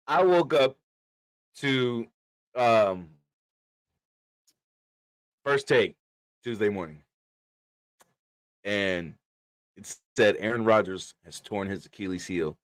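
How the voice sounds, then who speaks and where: A man hosting a sports podcast in casual chat, animated, laughing often and trash-talking rivals. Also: mid-range voice, dry recording. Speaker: podcast host.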